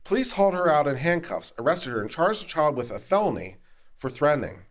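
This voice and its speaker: A man hosting a legal commentary show, reading a news article aloud and adding dry, sarcastic remarks along the way. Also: mid-range voice.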